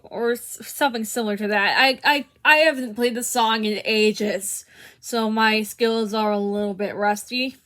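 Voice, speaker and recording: A woman's voice: a little high, steady tone, moderate pace, fairly bright tone. A young woman giving a casual harmonica tutorial, hesitant, with many restarts and fillers. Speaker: harmonica teacher.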